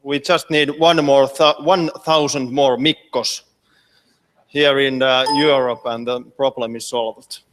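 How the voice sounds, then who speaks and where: Slow-speaking man moderating. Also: mid-range voice, fairly even intonation, a bit bright. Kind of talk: public lecture Q&A.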